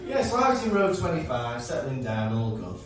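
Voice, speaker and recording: Animateur anglais, ton vif et animé, rit souvent; enregistré en public dans une salle très réverbérante, micro éloigné, bruit ambiant. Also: male voice, mid-range voice, big pitch swings, fairly quick, heavy background noise. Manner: jokey storytelling, laughs often. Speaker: podcast co-host. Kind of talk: casual live podcast chat. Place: performance space before a live audience. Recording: echoey live room, mic at a distance.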